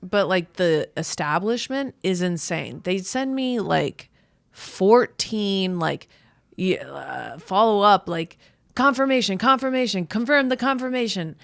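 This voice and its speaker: A woman comic in her thirties rambles through a self-deprecating story, peppering it with "like" and quick restarts. Her voice sits at an ordinary middle pitch for a woman, and it is recorded close with a dry sound. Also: lively intonation, creaky, dry recording. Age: 30s. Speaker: podcast host, comedian. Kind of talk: casual comedic monologue.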